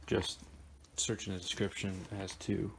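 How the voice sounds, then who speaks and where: DIY tutorial host, man with a low, monotone voice, halting, full of ums. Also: background noise. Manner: halting, lots of ums and restarts. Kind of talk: casual how-to explanation. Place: garage workshop.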